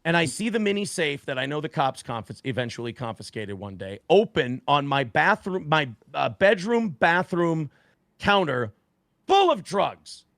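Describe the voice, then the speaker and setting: A man casually telling a profane, animated story on a podcast, acting out quotes. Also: on the high side, moderate pace, no room sound, studio quality. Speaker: guest storyteller.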